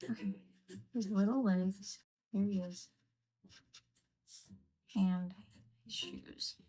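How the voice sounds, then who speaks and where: A woman's voice: medium pitch, big pitch swings, drawn-out words, mellow, slight background noise, rough recording. A woman chatting casually on a live stream as she works on a craft piece, often murmuring encouragement to herself. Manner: murmurs to herself, self-coaching. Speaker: craft livestreamer. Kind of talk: casual live-stream chat while working.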